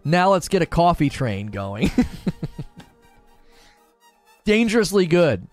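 A man's voice: fairly high pitch, sing-song, moderate pace, no echo, faint music behind. A man in his thirties hosting a casual live stream, upbeat and chatty, thanking viewers by name. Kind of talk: casual chat reading viewer comments.

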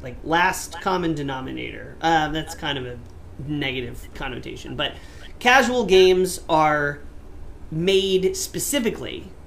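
A man's voice: on the high side, lively intonation, a little slow, gravelly, fairly bright tone, a little hiss or hum. A man hosting a casual gaming podcast, asking playful, mock-dramatic questions. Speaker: podcast host.

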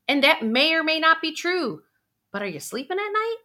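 Bright-voiced woman, energetic financial coach. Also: high-pitched, a little slow, pauses often. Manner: energetic, animated, acts out quotes. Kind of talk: motivational talk.

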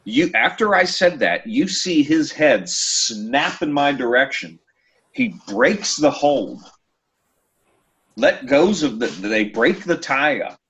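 A man hosting a casual chat show, telling a story with lively, acted-out quotes. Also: medium pitch, slow pace. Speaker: podcast host.

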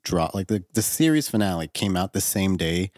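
A man's voice: low voice, normal speed, no room sound, clean studio sound. A young man co-hosting a podcast, swearing freely and acting out the people in his stories. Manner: swearing, animated storytelling with voiced quotes. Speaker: podcast co-host. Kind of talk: casual chat.

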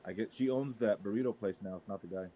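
A man's voice: lowish voice, fast talker, noisy background. A man co-hosting a casual podcast chat, telling stories in a loose, profane way. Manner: profane, storytelling with laughs. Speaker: podcast co-host.

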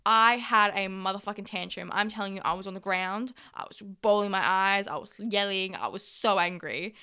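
This Australian podcaster, a woman in her twenties, talks alone at normal speed in a medium-pitched voice that's sharp yet clear and resonant. She keeps it chatty, candid and sweary, dramatizing her own reactions.

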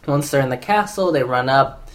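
Low-voiced woman recapping a film. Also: lively intonation, moderate pace. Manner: wry, joking commentary. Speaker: podcast co-host. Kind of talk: casual chat recapping a film.

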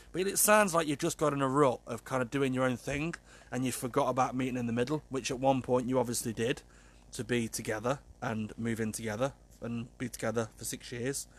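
A man's voice: mid-range voice, a bit bright. A man, hosting a podcast and giving blunt, chatty agony aunt advice, swearing freely. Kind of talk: casual chat.

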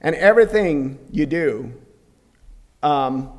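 A man giving a devotional sermon in an earnest, conversational way, often pausing to clear his throat. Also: fairly high pitch, animated. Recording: long reverb of a hall.

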